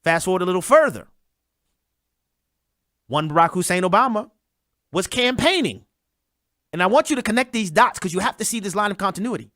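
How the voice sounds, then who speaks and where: Commentary host, sarcastic and mocking, very lively pitch, bright cutting tone, dry close sound. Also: a little fast, long pauses, no room sound. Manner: sarcastic, mocking, talks straight to listeners. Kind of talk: animated political commentary monologue.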